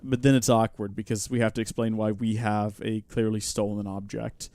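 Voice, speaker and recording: A man hosting a live game stream, chatting, joking and reacting out loud as he plays. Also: on the low side, level tone, normal speed, no echo. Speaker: host.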